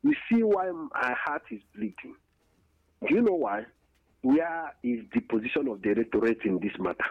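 A man's voice: mid-range voice, lively intonation, moderate pace, gravelly, breathy edge, no room sound. A man with a Nigerian accent calling in to a radio show, pleading emotionally and repeating himself. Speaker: radio caller. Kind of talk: impassioned call-in complaint. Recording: muffled phone line.

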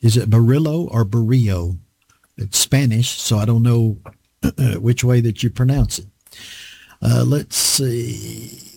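A man preaching a Bible study, reading scripture slowly and pausing often with fillers. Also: medium pitch, fairly even intonation, gravelly, a little mellow, breathy edge, dry recording. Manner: slow, deliberate reading with frequent fillers.

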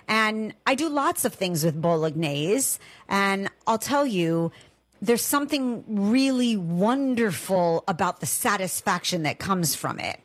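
A middle-aged woman from Southern California hosting a cooking show, talking in a chatty, enthusiastic way with emphatic repetitions. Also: lowish voice. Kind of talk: conversational solo podcast monologue.

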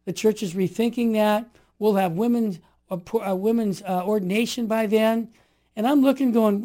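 Man, 60s, interview guest, impassioned storytelling, emphatic, rather high voice. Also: normal speed. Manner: emphatic, animated, rising to forceful declarations.

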